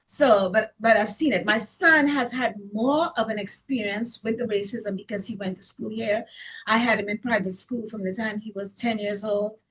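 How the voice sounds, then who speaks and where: A woman's voice: medium pitch, fairly even intonation, moderate pace, a bit bright, poor audio. A woman from the Caribbean, a salon owner, telling personal stories bluntly and emphatically as an interview guest, often repeating words as she builds a point. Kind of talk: candid personal storytelling.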